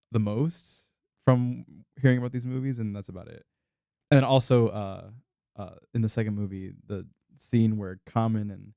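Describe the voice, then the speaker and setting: Young male co-host, low gravelly mellow tone, hesitant filler-heavy delivery. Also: dry recording, clean studio sound. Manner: halting, full of fillers and restarts. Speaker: podcast co-host. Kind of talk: casual movie chat.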